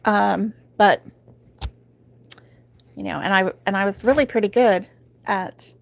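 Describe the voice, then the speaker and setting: A woman's voice: mid-range voice, a little slow, vocal fry. A woman hosting a crochet livestream from home, chatting casually and giggling often as she reads viewer comments. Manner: chatty and giggly, with many ums.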